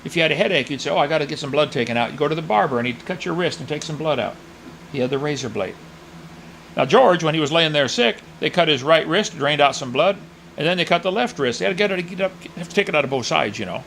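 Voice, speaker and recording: Gravelly preacher, folksy and mocking. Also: male voice, fairly high pitch, animated, quick pace, a bit bright, slight background noise, low-quality recording. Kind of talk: sermon with Bible reading.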